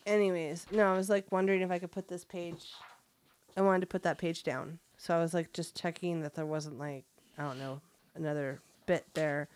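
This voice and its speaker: A woman's voice: lowish voice, steady tone, moderate pace, a little mellow. A woman co-hosting a podcast, chatting casually and giggling, with lots of "like". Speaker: podcast co-host. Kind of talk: casual chat.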